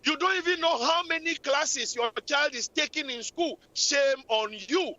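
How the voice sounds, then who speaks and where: Heard through lo-fi radio audio, this woman hosts a talk show and lectures listeners on relationships. Her voice is high, bright and forceful, moving at normal speed as she scolds and repeats herself with passion.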